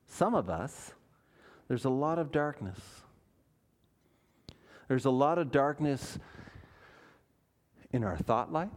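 A man's voice: medium pitch, darkish tone. A man, a pastor, preaching a sermon in church, earnest and emphatic, asking his listeners questions.

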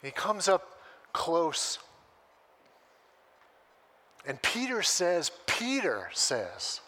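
Bright-voiced man preaching with animated storytelling. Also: on the high side, drawn-out words, long pauses. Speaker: pastor. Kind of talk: sermon.

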